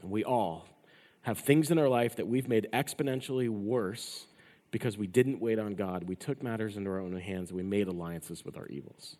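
A male pastor preaching a sermon, rising to loud emphatic passages and dropping to hushed endings. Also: fairly low pitch, normal speed. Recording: long reverb of a large hall.

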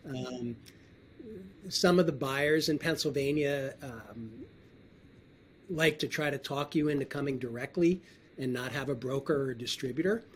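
A man talking casually as a wine trade guest in an interview, relaxed and often clearing his throat. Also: mid-range voice, measured pace, a little hiss or hum.

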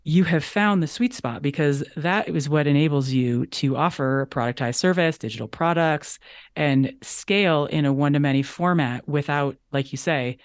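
A woman's voice: low voice, normal speed, no room sound, studio quality. A woman guest on a business podcast, talking emphatically and repeating phrases for stress. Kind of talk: conversational interview.

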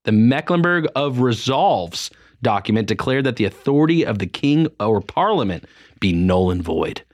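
A man's voice: mid-range voice, big pitch swings, moderate pace, a little mellow, dry recording, studio quality. A man hosting a radio morning show, chatting casually with a playful, teasing manner. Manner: joking, playful, teasing asides. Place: radio studio. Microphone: studio microphone.

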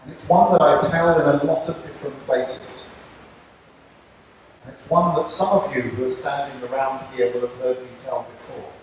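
An older man giving a measured speech to scouts at an outdoor campfire, telling a story with a moral. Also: medium pitch, steady tone, a little hiss or hum. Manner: slow, measured, deliberate. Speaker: speaker addressing scouts. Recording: distant mic, echoey with long reverb.

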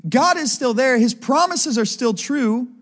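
Man, high voice, chatty preacher who keeps asking "right?" to check in with the congregation. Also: lively intonation, a little slow, fairly bright tone. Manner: conversational preaching, asks the crowd "right?" often. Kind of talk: sermon.

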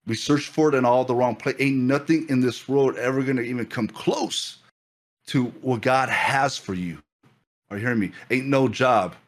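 A man preaching a fervent sermon as pastor, repeating phrases and building excitement. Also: mid-range voice, normal speed.

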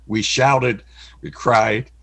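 A middle-aged man giving an interview, speaking in an earnest, halting way with frequent pauses, his voice cracking with emotion. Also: on the low side, steady tone, vocal fry, fairly bright tone, slightly rough. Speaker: interview guest. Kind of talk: candid personal interview.

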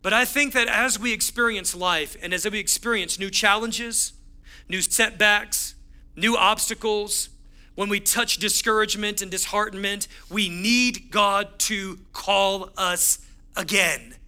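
High, bright-voiced man preaching. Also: a little slow, smooth. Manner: energetic, conversational preaching with lively storytelling. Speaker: pastor. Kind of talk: sermon.

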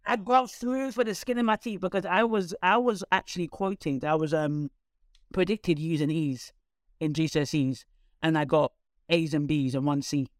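A woman, a guest telling her life story in conversation, candid and animated with quick asides. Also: sits low, no room sound, clean studio sound. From London, England.

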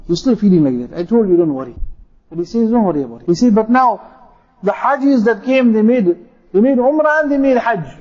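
A man's voice: high voice, darkish tone, dull audio. A man, a mufti, preaching a sermon, repeating phrases for emphasis and reciting Arabic quotations. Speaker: mufti giving a talk.

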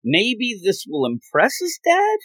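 A podcast host with a high-pitched voice chats casually about a manga, animatedly retelling it with quick acted-out quotes and laughter. The recording is rough but has no echo.

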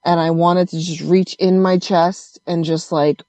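A woman telling a story in casual conversation, animated and swearing as she acts out what others said. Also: lowish voice, unhurried, no echo, lo-fi sound.

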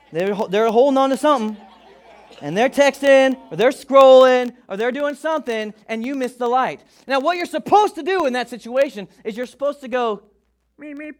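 A male pastor preaching a sermon to a church, telling funny stories in a lively way. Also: very high voice. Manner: animated, humorous storytelling. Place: church auditorium.

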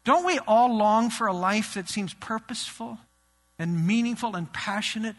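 A man preaching an Easter sermon in a church, animated, rising and dropping his voice for emphasis. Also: high-pitched, moderate pace. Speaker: pastor. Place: church sanctuary. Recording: long hall reverb.

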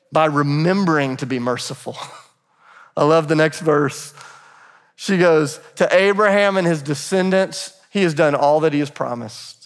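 A man's voice: a little high, gravelly. A man preaching a sermon as pastor, emphatic and repeating phrases as he builds a point. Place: church sanctuary. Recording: long hall reverb.

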